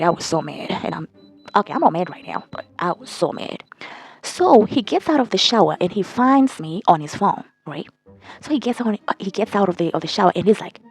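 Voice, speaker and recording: A young woman vlogging a storytime, talking straight to her viewers like a friend spilling gossip. She is blunt and profane, and her voice has a husky edge. Faint music sits underneath her. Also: lowish voice. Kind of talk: casual storytime chat.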